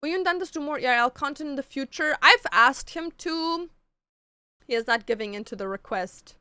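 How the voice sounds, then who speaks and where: A woman's voice: sits high, expressive, fairly quick, bright, forceful tone, no echo. A woman streamer chatting casually with her chat, gushing about books and shows and swearing freely. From Canada.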